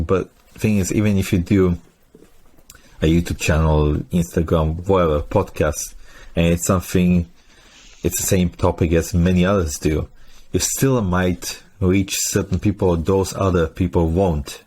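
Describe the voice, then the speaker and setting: A man hosting a podcast, chatting in a relaxed, conversational way. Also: deep voice, normal speed. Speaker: podcast host. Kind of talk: casual interview chat.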